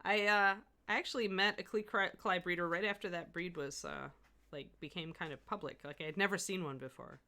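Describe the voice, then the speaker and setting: A middle-aged woman runs a live painting lesson, talking in a rambling, easygoing way. Her voice sits a little low but sounds bright and forceful. She laughs often as she answers her viewers. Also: a little fast. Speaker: miniature painting instructor. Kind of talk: live-streamed painting demo with chat.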